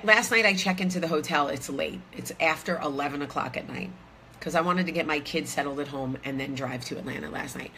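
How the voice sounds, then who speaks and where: A woman talks to her viewers in a loose, rambling way, full of fillers. Her voice sits a little low but sounds bright and forceful. A faint hum of room noise hangs behind her. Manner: chatty, rambling, lots of fillers. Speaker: vlogger host. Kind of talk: casual chat to viewers. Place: hotel room.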